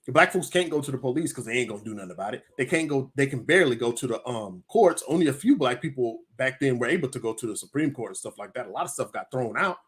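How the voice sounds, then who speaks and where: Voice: mid-range voice, animated, quick pace, hardly any pauses. A vlogger giving a heated, emphatic personal rant to camera, repeating points for emphasis and telling stories. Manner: emphatic, repetitive, storytelling with acted quotes. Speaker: video commentator.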